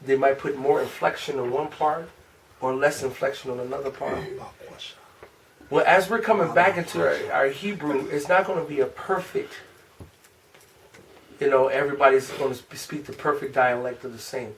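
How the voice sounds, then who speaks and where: A man's voice: medium pitch, fairly even intonation, vocal fry. Man teaching a class, distant mic. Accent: Chicago. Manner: asks the group questions, repeats syllables slowly. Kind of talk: informal group language lesson. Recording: distant room mic with faint noise.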